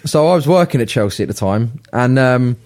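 A man's voice: medium pitch, lively intonation, a little fast, a little mellow. A man on a football podcast panel, chatting casually and telling stories, laughing at his own jokes.

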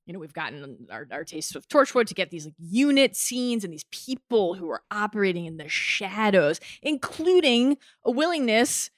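A woman's voice: medium pitch, sing-song, moderate pace, hardly any pauses, no echo, studio quality. A woman co-hosting a podcast in casual chat, talking enthusiastically and rambling with many "like"s. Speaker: podcast co-host.

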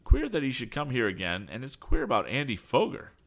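A man's voice: mid-range voice, huge pitch swings, brisk, pitched above the performer's own voice. A man reading an audiobook, voicing an eager young male inventor a little above his own voice.

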